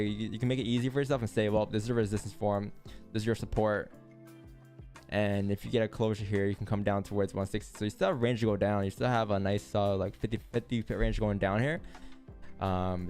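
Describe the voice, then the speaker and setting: A man's voice: fairly low pitch, a little mellow. A young man hosting a live trading stream, talking loosely and repeating himself as he walks through charts. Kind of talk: casual live-stream commentary.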